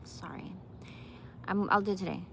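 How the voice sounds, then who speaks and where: A woman's voice: mid-range voice, unhurried, a bit bright. Casting note: woman in her 40s, loose rambling vlogger, profane slang, noisy outdoor phone audio. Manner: rambling, slangy, profane, says bro often. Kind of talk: casual vlog chat. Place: outdoors in a park.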